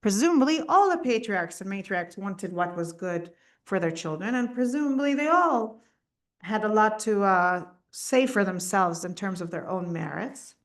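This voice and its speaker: A woman's voice: mid-range voice, animated, moderate pace. A woman teaching a text-study lesson, mixing in Hebrew terms and checking in with her listeners as she explains. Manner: explains patiently, often checking in with "right?". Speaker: Torah teacher.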